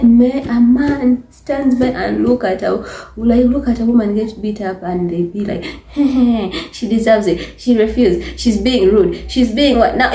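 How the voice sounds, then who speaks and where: Brief: Ugandan woman vlogger, emphatic and exasperated, fairly high voice, roomy echo. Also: mellow. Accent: Ugandan English. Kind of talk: casual talk to camera. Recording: echoey room.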